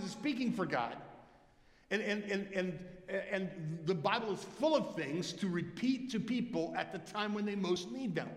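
A man delivers a sermon in an earnest, exhorting tone, and his voice sits noticeably high for a man. The sound rings through a roomy church hall, with a long reverb trailing each phrase. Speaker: lead pastor. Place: church sanctuary.

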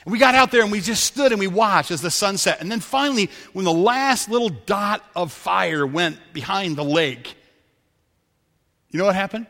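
A man preaching a sermon as a pastor, telling stories, dropping to a hush for quoted lines and rising for emphasis. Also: high voice, animated, moderate pace, big-room sound.

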